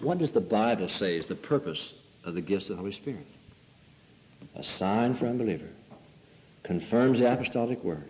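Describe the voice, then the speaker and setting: A man's voice: on the low side, animated, normal speed, long pauses, a little mellow, a little hiss or hum. A man preaching a sermon, emphatic and full of rhetorical questions. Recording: lo-fi hall recording.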